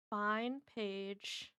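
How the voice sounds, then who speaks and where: A woman's voice: medium pitch, pushed and bright, a little hiss or hum. A woman chatting casually on a stream at home, thinking aloud as she tries guesses at word puzzles and teases the people around her. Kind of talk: casual chat while solving word puzzles.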